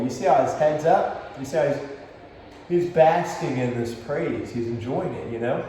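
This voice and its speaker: A relaxed man explains dog training as he works, often softening into quiet praise. He sounds set back from the microphone, with a lot of roomy echo and a faint ambient hum behind him. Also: mid-range voice, moderate pace, long pauses. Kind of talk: explaining while demonstrating. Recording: distant, roomy outdoor camera audio.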